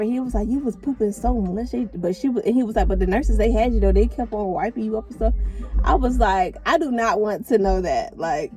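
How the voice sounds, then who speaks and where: A young woman talks straight to camera in a candid, chatty storytime, calling her viewers "y'all" as she goes. Her voice is mellow and dark, of middle pitch. Faint music plays underneath. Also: rough recording. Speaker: vlogger.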